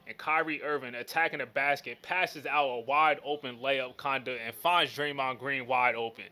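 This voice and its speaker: A man's voice: medium pitch, steady tone, moderate pace, hardly any pauses, pushed and bright. A man giving casual, slangy play-by-play commentary over a basketball video game. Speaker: gaming commentator.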